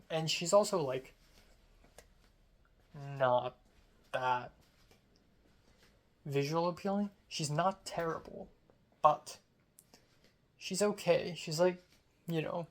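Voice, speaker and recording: Chatty young adult from Hong Kong. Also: mid-range voice. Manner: chatty and candid, heavy use of "like" and "um". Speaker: script supervisor on a student film set. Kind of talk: casual storytelling vlog.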